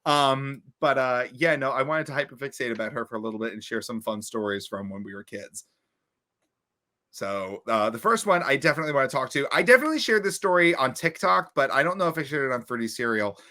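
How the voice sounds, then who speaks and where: A young man from Long Island, co-hosting a podcast and telling stories in a casual, animated way, acting out his friends' lines. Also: a little fast. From Long Island, New York. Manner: animated, acts out friends' voices with big jumps in pitch. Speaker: podcast co-host. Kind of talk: casual storytelling chat. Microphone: remote podcast call.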